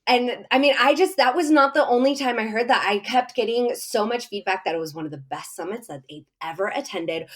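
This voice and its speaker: A woman guest on a podcast, telling her story in an animated, effusive way with lots of fillers. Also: a little high. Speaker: podcast guest, summit host. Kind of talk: casual podcast interview.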